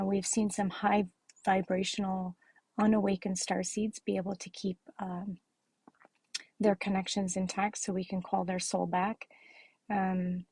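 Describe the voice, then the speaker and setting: A woman talking straight to her viewers in a tearful, upset way. Her voice is gravelly and a little husky, with many halting filler sounds. The recording is close and dry. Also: mid-range voice, darkish tone, no room sound, poor audio. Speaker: spiritual vlogger. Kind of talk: emotional direct-to-camera appeal.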